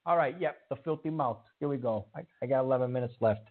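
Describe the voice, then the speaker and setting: A man's voice: medium pitch, quick pace. A man hosting a call-in show who stammers and gets riled easily. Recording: tinny phone-like sound.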